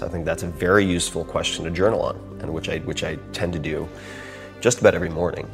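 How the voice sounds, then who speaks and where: A man hosting a podcast, chatting casually and animatedly, swinging between loud and soft and acting out quotes. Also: low voice. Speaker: podcast host. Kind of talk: casual chat.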